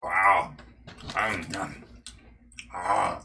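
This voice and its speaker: Casting note: young male vlog host with a low, bright voice, rambling and self-deprecating. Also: moderate pace, a little hiss or hum. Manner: rambling and self-deprecating, talks while snacking. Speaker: channel host. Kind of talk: casual rambling vlog chat.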